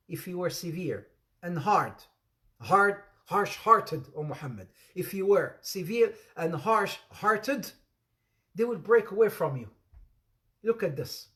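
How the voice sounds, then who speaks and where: High, animated and a bit bright, the voice belongs to an Islamic teacher who speaks unhurriedly. He teaches an interactive religious lesson, calling students by name and repeating phrases for emphasis, with frequent laughter and joking asides.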